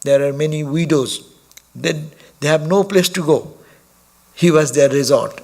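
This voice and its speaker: A man giving a sermon as a monk, speaking haltingly, with soft laughs while he tells stories. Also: on the high side, vocal fry. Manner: halting, repeats and restarts words while explaining.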